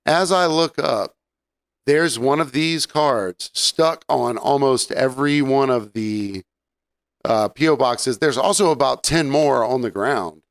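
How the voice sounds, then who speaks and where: A man co-hosting a casual podcast, a restaurant server telling relaxed anecdotes. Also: mid-range voice, slow pace, no room sound, studio quality. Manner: relaxed anecdotes with fillers and laughs. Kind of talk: casual chat.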